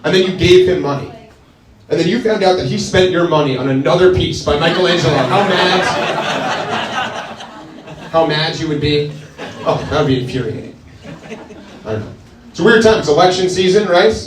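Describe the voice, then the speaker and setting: A male stand-up comedian with a hesitant, deadpan delivery full of pauses. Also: a little high, far from the mic, background noise. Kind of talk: stand-up set. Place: comedy club stage with laughing audience. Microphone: handheld stage mic. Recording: roomy club sound, audience laughter.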